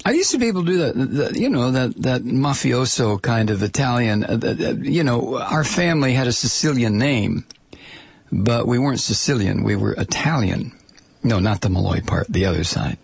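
A man's voice: mid-range voice, normal speed, gravelly, breathy edge, no echo. A man delivering a rambling, profane political commentary monologue with plenty of digressions.

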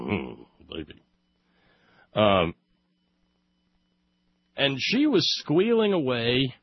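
On a muffled, lo-fi recording, a male radio commentator spins out a lengthy sarcastic monologue, working up to comic outbursts. His voice is medium-pitched with a breathy edge, and there's no echo.

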